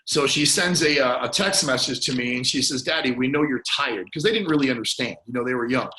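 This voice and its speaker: A man, a podcast guest, telling an emotional personal story in an earnest, halting way, often restarting and repeating words, and choking up at moments. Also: medium pitch, lively intonation, bright, forceful tone, roomy sound, rough recording. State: choked up at moments.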